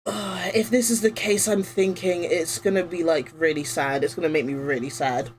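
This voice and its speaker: A woman's voice: on the low side, fairly even intonation, moderate pace, a little hiss or hum. Chatty woman streamer, strained voice. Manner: chatty, rambling, with many fillers. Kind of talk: casual gameplay chat.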